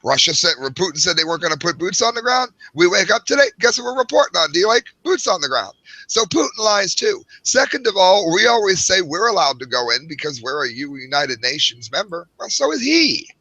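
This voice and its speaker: A man in his forties co-hosting a casual talk show, animated and rambling. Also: high voice, brisk, no room sound, low-quality recording. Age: 40s. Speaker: co-host.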